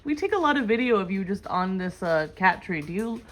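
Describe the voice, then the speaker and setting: A woman's voice: medium pitch, expressive, brisk. A woman vlogging casually at home, cooing and baby-talking to her cats. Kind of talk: casual chat. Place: home, indoors.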